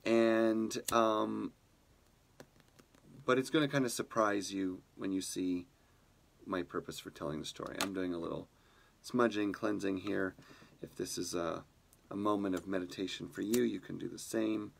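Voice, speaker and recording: A man leading a spiritual community, telling a fable in a meditation talk, soft-spoken and unhurried. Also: low voice, fairly even intonation, creaky, slight background noise.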